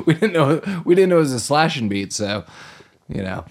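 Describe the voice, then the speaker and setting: A man's voice: on the high side, sing-song, normal speed. A man co-hosting a casual movie recap podcast, joking, laughing often and acting out lines. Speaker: podcast co-host.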